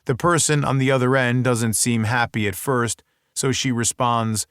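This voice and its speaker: A man's voice: mid-range voice, steady tone, moderate pace, a bit bright, smooth, no room sound, clean studio sound. A man narrating a romance audiobook in the first person, with a wry, intimate inner-monologue delivery.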